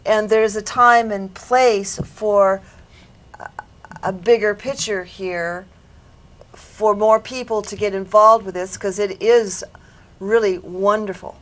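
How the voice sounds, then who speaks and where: Slow, earnest woman psychic. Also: medium pitch, fairly even intonation, a bit bright. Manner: slow, earnest and reflective, asking if it makes sense. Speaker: psychic on a panel. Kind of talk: giving a reading to an audience member. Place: studio with audience.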